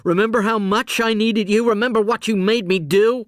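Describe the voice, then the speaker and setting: A shrill, near hysterical young woman, bitter and contemptuous, as a man puts her on in an audiobook. The voice sits well above the reader's own, strained and cutting. The sound is dry and close, with no room around it. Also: animated, measured pace, dry recording. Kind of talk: audiobook character reading.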